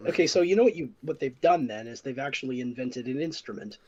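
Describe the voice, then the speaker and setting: A man's voice: mid-range voice, fast, muffled recording, a crowd in the background. A man on a casual comedic podcast who earnestly explains things at length.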